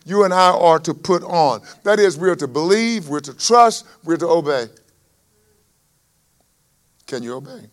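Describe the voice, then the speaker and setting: A man preaching a sermon, his delivery swelling loud on scripture and dropping low between. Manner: emphatic preaching that swells and drops in volume. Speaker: pastor.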